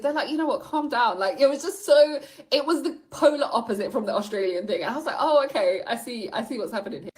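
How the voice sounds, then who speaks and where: Woman, chatty commentator who laughs through animated retellings. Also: mid-range voice. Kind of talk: casual chat, storytelling.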